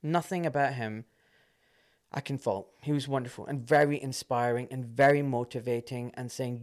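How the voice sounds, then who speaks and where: A man, a surgeon guest telling a story in casual talk, animated and quick to laugh. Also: medium pitch.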